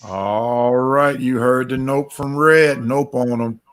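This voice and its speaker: Male show host, average pitch, relaxed sports banter. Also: slow, smooth, no room sound. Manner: easygoing, turns somber for tributes. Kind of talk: casual sports talk hosting.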